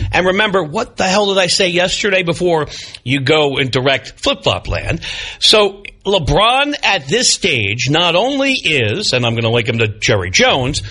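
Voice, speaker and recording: Older man, sports talk host, studio mic, somewhat high voice, bright and forceful, opinionated, self-mocking asides. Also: breathy edge. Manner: animated, opinionated, with wry self-deprecating asides. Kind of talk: sports talk radio commentary. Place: broadcast studio. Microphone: studio microphone.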